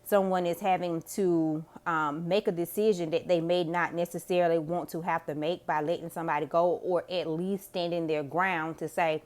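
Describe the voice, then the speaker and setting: A woman's voice: on the low side, steady tone, moderate pace, few pauses, darkish tone. A woman giving a casual tarot reading to camera, chatty, slangy and freely profane. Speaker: tarot reader.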